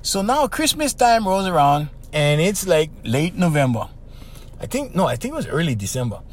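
An older man with a Hawaiian accent, hosting a podcast and telling a story in a slangy, animated way with lots of repeats. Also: a little high, moderate pace, a little hiss or hum. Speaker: podcast host. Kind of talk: casual storytelling.

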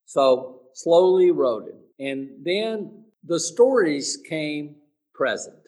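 A man being interviewed, earnest and motivational, halting and searching for words with restarts. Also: fairly high pitch, lively intonation, darkish tone, distant mic, rough recording. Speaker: interview guest, speaker and teacher. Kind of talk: sit-down interview.

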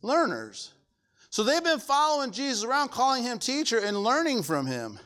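Animated high-voiced preacher man. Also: normal speed, clear, resonant tone. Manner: emphatic, animated preaching with rhetorical questions. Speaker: pastor. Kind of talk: sermon.

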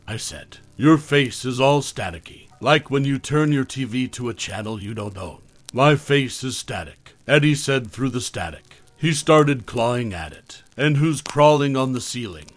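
A man narrating a horror story in a calm, low-key way, letting the ends of his lines trail off quietly. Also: no room sound.

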